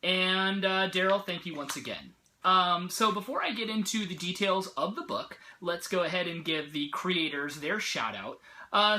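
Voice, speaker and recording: A man hosting a casual comic book review vlog, chatty and excited, with lots of fillers. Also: high-pitched.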